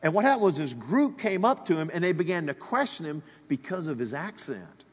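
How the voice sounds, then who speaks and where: A man's voice: on the high side, a little fast, breathy edge. A man from Alabama, preaching a sermon in a chatty style and speaking to his congregation directly. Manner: animated, conversational preaching with asides to the congregation. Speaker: pastor. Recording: long reverb of a large hall.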